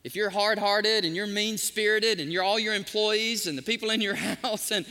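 A pastor preaches with a high, bright and very lively voice. His words ring out with long reverb through a large hall. He swings between excited bursts and soft, drawn-out lines. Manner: animated preaching, sometimes softly sings hymn lines. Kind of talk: sermon.

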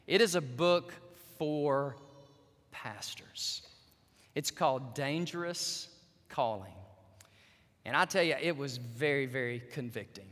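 A pastor, preaching a sermon in a church sanctuary, swinging from quiet asides to loud emphatic peaks. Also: male voice, medium pitch, slow, long pauses. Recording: reverberant church hall.

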